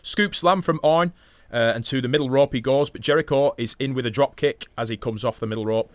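A man's voice: medium pitch, a little fast, dry recording, clean studio sound. A man co-hosting a podcast, swearing casually and recapping a wrestling match from notes between chatty asides. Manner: profane, chatty, laughs often, reads play-by-play notes. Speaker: podcast co-host.

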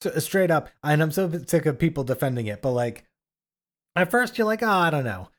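A man with a slightly high voice vents about politics in casual podcast talk. He leans on "like" constantly and mimics the people he criticizes. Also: very animated, normal speed. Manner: indignant, lots of "like", acts out quotes. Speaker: podcast co-host.

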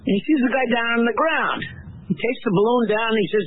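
High-voiced comedian guy telling jokes slow, tinny phone sound. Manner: animated, loud, acts out characters. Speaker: comedian guest.

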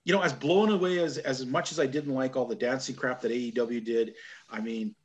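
A man's voice: mid-range voice, fairly even intonation, brisk, dull audio. Canadian man hosting a wrestling chat. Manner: jokey, grumbling, laughs often. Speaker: podcast host. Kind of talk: casual chat.

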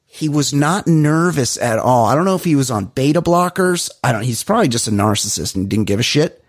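Podcast co-host, male, husky, animated storyteller acting out quotes, dry close recording. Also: medium pitch, brisk, no room sound. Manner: animated storyteller, swears freely, acts out quotes. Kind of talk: casual chat.

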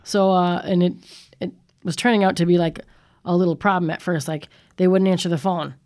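A mother in casual chat, telling stories in an animated, profane way. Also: lowish voice, brisk. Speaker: mother of young kids.

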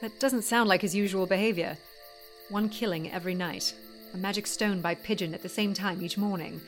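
A woman's voice: mid-range voice, brisk, faint music behind, close to an everyday voice. An actress playing a serious, determined woman searching for survivors. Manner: terse, serious, clipped.

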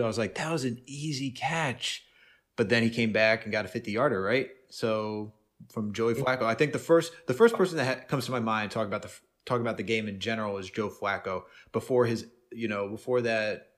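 A man co-hosting a podcast in casual sports chat. He talks in an animated way and often says "man" and "bro". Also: on the low side. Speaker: podcast co-host.

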